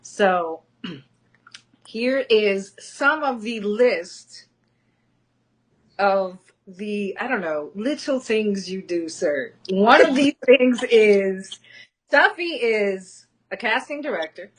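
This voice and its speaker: Slow-talking woman podcast host. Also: medium pitch, lively intonation. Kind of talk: casual interview chat.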